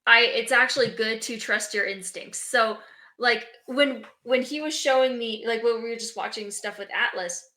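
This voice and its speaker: A reflective woman dog owner, a podcast guest, speaking hesitantly in a bright, higher voice. The recording carries a roomy echo. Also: normal speed. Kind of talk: casual podcast chat.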